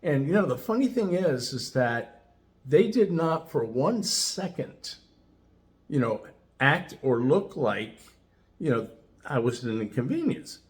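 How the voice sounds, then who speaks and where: A man's voice: mid-range voice, takes it slowly. A man casually telling a personal story as a customer testimonial, chatty and enthusiastic, with lots of "you know" fillers. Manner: enthusiastic, animated retelling.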